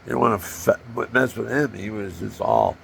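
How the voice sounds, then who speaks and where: An older man with a gravelly voice, rambling through personal stories and acting out punches with sound effects. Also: on the low side, moderate pace, a little hiss or hum. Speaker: storyteller.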